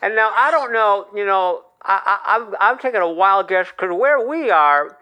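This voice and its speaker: A man's voice: high voice, animated, moderate pace, clear, resonant tone, dull audio. A man voicing a humble, gushing Southern country fellow with an Ozark accent who rambles and stammers. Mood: folksy. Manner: rambling, stammering, self-deprecating. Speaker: honorary podcast member.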